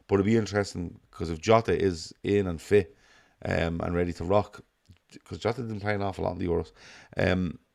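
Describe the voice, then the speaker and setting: A man's voice: deep voice, creaky, a little mellow. A man with a Dublin accent co-hosting a football fan show, chatting casually, swearing freely and telling rambling stories. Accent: Dublin Irish. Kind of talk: casual podcast chat.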